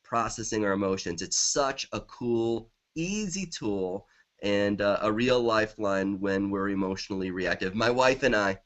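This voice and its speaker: A man's voice: on the low side, moderate pace, fairly bright tone. A middle-aged man, a guest author in a conversational interview, talking with enthusiasm and repeating affirmations.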